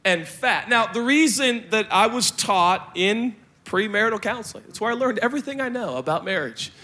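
Bright, animated young male pastor preaching. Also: high voice, moderate pace. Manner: joking, animated preaching with asides. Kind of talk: sermon.

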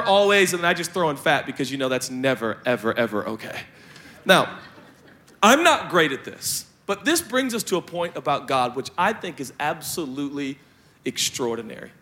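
A young adult man preaching a sermon as pastor, joking and animated, with playful asides to the congregation. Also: a little high.

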